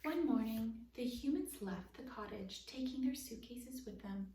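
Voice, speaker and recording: A woman reading a children's story aloud, her voice a little high, breaking off into soft whispered asides about the pictures. She sounds distant in an echoey room, with a faint hiss in the background. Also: expressive, moderate pace, hardly any pauses. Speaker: storytime reader.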